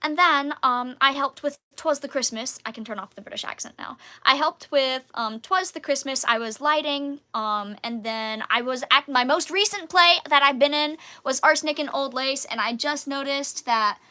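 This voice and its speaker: A woman's voice: high voice, moderate pace, few pauses, bright, forceful tone. A woman hosting a casual live Q&A, chatting in a bubbly, giggly way. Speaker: channel host answering viewer questions.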